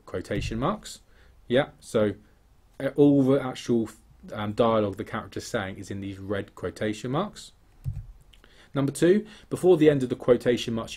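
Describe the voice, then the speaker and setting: A man teaching an English writing lesson over slides, explaining step by step, often checking in with "okay?" and "yeah?", his sentences trailing off quieter at the end. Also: mid-range voice, husky. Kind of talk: recorded exam-prep lesson over slides.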